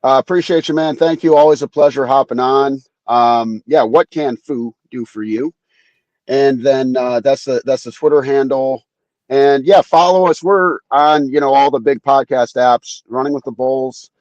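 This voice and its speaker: A man's voice: medium pitch, moderate pace, no echo, highs cut off. A man guesting on a sports talk show, talking casually and loosely with lots of fillers. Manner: relaxed, filler-heavy, laid-back. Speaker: podcast guest.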